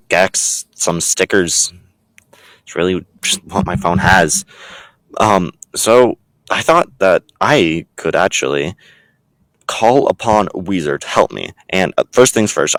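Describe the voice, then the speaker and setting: A man's voice: sits low, a bit bright, poor audio. A young man in a comedic vlog sketch who rambles and hesitates, filling his talk with ums. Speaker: vlogger.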